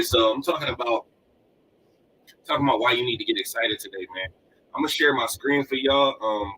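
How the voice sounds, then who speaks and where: A man with children hosts a live motivational podcast from a home room with collectibles behind him, speaking energetically and repeating himself for emphasis in an animated way. His voice is mid-range, and the low-quality recording has a little hiss or hum.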